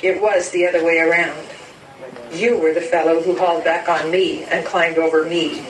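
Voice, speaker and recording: A woman reading a story aloud, voicing a calm, composed well-off man who speaks in a measured way. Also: fairly low pitch, roomy sound, distant mic, crowd noise, natural voice, poor audio.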